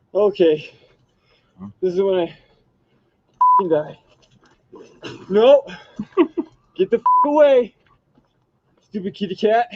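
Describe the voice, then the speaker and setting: A frightened man shouting outdoors, his voice strained very high and swinging wildly. He yells and curses in panic, recorded on a dull, lo-fi handheld clip with a husky edge. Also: huge pitch swings, extremely slow, pauses often. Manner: frantic, yelling and cursing. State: frightened, heart racing. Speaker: hiker filming a wild animal. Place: outdoors on a trail.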